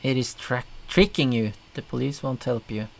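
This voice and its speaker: A man's voice: medium pitch, moderate pace, creaky. A man hosting a reaction video, commenting casually in a rambling way with lots of fillers. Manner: rambling, filler-heavy, chuckling.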